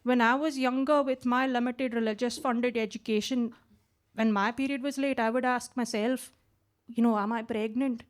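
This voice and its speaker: Here's a woman comic, late twenties, from India and carrying a twang, chatting through a stand-up set into a stage mic at a basement comedy club. Her pitch is on the high side, her tone steady, her pace moderate, and she keeps adding "right?" to her lines.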